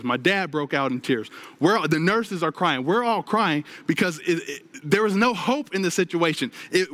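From a stage, a man with a high, slightly bright voice preaches a sermon, earnestly telling his personal testimony and addressing the crowd directly.

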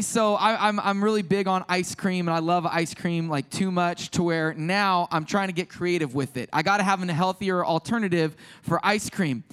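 A man's voice: high-pitched, smooth. A man in his thirties preaching a sermon as a pastor, telling stories in a conversational, self-deprecating way with frequent restarts. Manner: drops to a soft hushed voice in prayer.

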